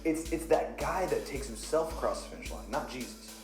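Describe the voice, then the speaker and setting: A man's voice: mid-range voice, lively intonation, fairly quick, darkish tone. Young male podcast co-host, casual debater who interjects and argues; echoey room, faint music. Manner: mostly brief murmured agreement, then pushes back with his own view.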